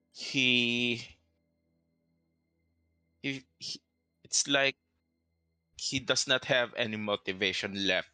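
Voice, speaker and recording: A man narrating as game master of a tabletop game, halting and full of fillers. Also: mid-range voice, sharp tone, clean tone, no room sound, low-quality recording. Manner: halting, hesitant with many fillers.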